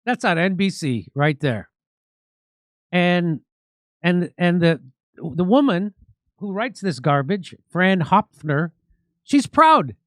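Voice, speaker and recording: A man hosts a political commentary show, mocking an article with heavy sarcasm. His voice sits high and swings widely in pitch. It is recorded on a close, dry mic. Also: expressive, slow, pauses often, no echo. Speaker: show host.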